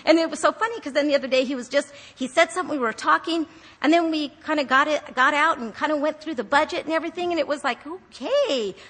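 A woman with a somewhat high voice gives a chatty, earnest devotional talk, often restarting her sentences as she teaches. She reads scripture verses between personal asides. Her voice trails off into a long reverb, as in a large hall. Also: fast talker, a bit bright. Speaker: Bible study teacher.

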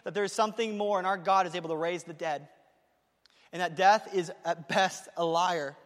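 Fast, excited high-voiced male preacher. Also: in a large hall. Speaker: pastor. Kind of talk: sermon. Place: church sanctuary.

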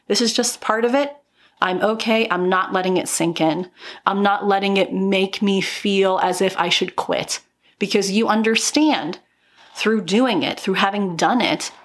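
A woman hosting a solo motivational podcast, talking in an upbeat, encouraging way with emphatic repetition, recorded at home. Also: mid-range voice. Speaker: podcast host.

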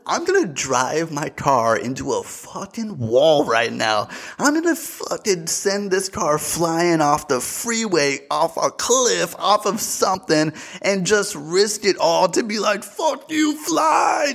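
A young man rambles through a story on his solo podcast with big swings in pitch. His voice sits a touch higher than most men's. He swears casually and calls his listeners dude. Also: unhurried, creaky, few pauses. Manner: animated storytelling, bursts into shouted voices; swears freely, says dude often. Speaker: podcast host.

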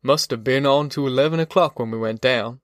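A man voicing a sleepy, grumbling farm father who moans slowly. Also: medium pitch, dry recording, clean studio sound, lightly acted. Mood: groggy. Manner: slow, moaning.

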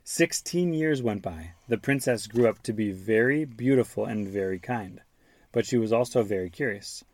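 A man hosting a show where he reads a storybook aloud to his young son and stops to explain words gently. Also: fairly low pitch, expressive, normal speed, dry recording. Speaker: father reading to his child, podcast host.

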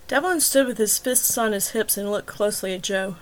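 A woman narrating her own serialized novel in a measured, even storytelling voice. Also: mid-range voice. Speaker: author and audiobook narrator.

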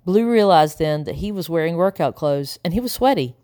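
A woman narrating a children's novel in an even, measured reading voice. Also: lowish voice, no echo, clean studio sound. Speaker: audiobook narrator. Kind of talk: storybook narration.

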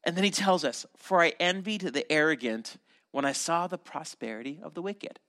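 A man's voice: a little high, moderate pace, bright, forceful tone. A Canadian man preaching a sermon as pastor, teaching animatedly with acted asides and restarts.

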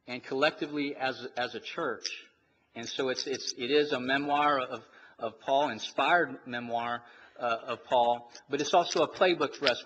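A pastor delivers his sermon with a bright, forward tone, often stopping and restarting his phrases. His voice carries a long reverb from the sanctuary around him. A faint hiss sits under the recording. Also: mid-range voice. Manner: halting, many restarts and fillers.

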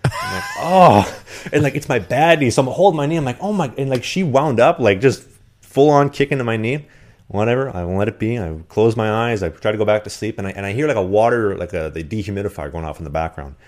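A man telling rambling, animated stories in casual chat on a podcast. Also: fairly low pitch, fast. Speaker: podcast guest. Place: rented apartment.

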